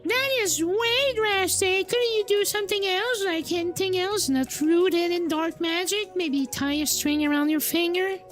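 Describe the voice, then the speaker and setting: A woman voicing a squeaky, worried school friend. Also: unhurried, few pauses, soft background music.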